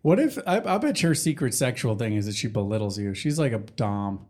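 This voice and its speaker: A young man in casual, crude banter, teasing and profane, firing off quick jokes. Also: fairly low pitch, very animated, a little mellow.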